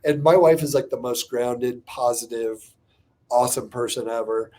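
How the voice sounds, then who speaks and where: Podcast guest, man in his forties, warm dark voice, animated candid storyteller, filler-heavy. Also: medium pitch, normal speed. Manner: animated, frequent "like" fillers, restarts. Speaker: podcast guest, company co-founder and CEO.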